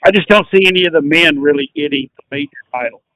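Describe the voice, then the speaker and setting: Man, podcast host, rambling, crude jokes, slightly high voice, dry sound. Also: fast talker, pushed and bright, no room sound, low-quality recording. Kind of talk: casual chat.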